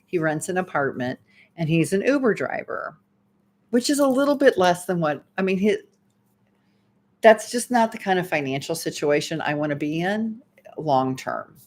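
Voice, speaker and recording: A woman's voice: fairly low pitch, expressive, moderate pace, darkish tone. A woman in her fifties, a dating coach telling a personal story as advice in a chatty, rambling way. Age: 50s. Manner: chatty, rambling, acts out quoted dialogue.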